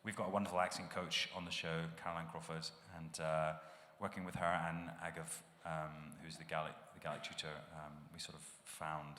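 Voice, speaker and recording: A man with a very low voice, bright in tone, talking casually and laughing at himself. He speaks at a live panel in a big hall with a long, roomy echo. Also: fairly quick, hardly any pauses, slight background noise. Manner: relaxed, self-deprecating, laughs often. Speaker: panel guest actor. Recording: echoey hall, live event.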